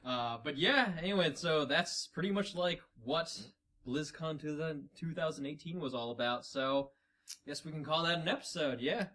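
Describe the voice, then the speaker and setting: A man co-hosting a podcast, recapping news in relaxed casual chat. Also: on the high side, normal speed. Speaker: podcast co-host.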